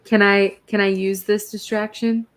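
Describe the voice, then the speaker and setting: A woman's voice: mid-range voice, flat delivery, moderate pace, slight background noise. A woman playing a tabletop game, asking hesitant, polite questions about the rules. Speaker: player. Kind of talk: casual tabletop play.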